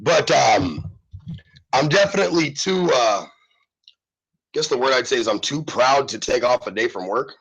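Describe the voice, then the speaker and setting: Congested, raspy radio host man. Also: mid-range voice, animated, normal speed, long pauses, poor audio. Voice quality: raspy, gravelly. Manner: loose, rambling, gives shout-outs to listeners. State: congested, sick voice. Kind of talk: casual live radio chat.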